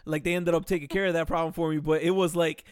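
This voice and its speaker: A young man telling a story on a podcast, animated and profane, acting out the quotes loudly. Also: fairly high pitch, quick pace, clean tone, dry recording, clean studio sound. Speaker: podcast host. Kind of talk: casual storytelling.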